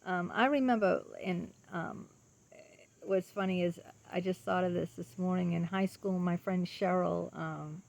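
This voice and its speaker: A woman in her fifties talking earnestly about her own life in a personal monologue, halting often with ums and restarts and asking rhetorical questions. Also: on the low side, fairly even intonation, vocal fry. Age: 50s. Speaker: vlogger.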